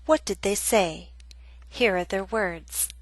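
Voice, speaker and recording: A woman reading a scripted English grammar lesson, speaking slowly and clearly with careful, deliberate emphasis. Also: mid-range voice, background noise. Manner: slow, deliberate, clearly enunciated. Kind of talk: scripted instructional narration.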